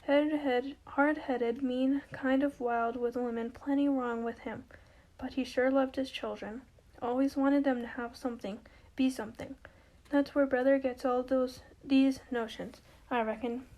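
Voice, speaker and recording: A woman's voice: sits high, steady tone, unhurried, warm tone. Woman reading a wistful old widow. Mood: reminiscing. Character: older woman, a wistful grieving widow and matriarch. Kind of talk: amateur play reading.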